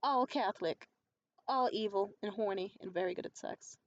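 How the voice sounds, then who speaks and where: A young woman telling stories straight to camera, blunt and foul-mouthed, with a lot of push behind her words. Her voice sits at an ordinary middle pitch. The recording has a slightly dull, lo-fi sound. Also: normal speed, slight background noise. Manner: blunt, profane, animated storytelling. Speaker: vlogger. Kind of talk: casual vlog monologue.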